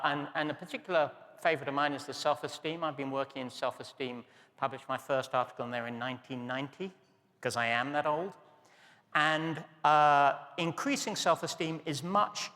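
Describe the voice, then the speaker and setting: A man's voice: medium pitch, a bit bright. A man in his sixties giving a chatty, self-deprecating luncheon speech as a psychiatry professor, with many "uh" fillers. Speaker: professor of psychiatry, guest speaker. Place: large banquet hall. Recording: long reverb of a large hall.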